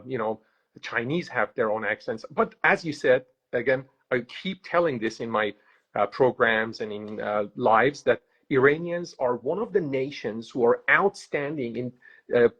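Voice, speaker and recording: A man's voice: mid-range voice, a bit bright, breathy edge, dull audio. A man with an American accent hosting a casual interview, hesitant and full of filler sounds, heard over a video call. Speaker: host.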